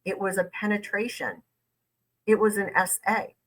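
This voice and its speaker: A woman's voice: medium pitch, fairly even intonation, moderate pace, poor audio. A woman lawyer giving conversational reaction commentary, emphatic and repeating points for stress.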